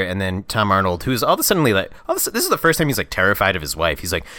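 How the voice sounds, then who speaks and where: A man's voice: on the low side, sing-song, rapid-fire, sharp tone, no room sound, clean studio sound. A man co-hosting a podcast, chatting casually about a movie and acting out scenes in silly voices. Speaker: podcast co-host. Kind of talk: casual movie review chat.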